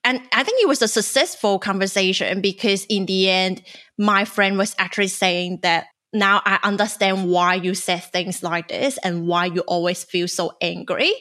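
A woman's voice: medium pitch, steady tone, normal speed, bright, forceful tone. A young woman hosting a casual discussion, earnestly asking questions and sharing personal stories. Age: young adult.

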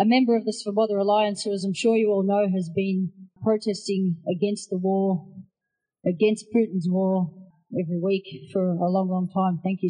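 A woman's voice: mid-range voice, mellow, low-quality recording. Casting: woman, rally emcee, rousing and impassioned. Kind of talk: rally speech.

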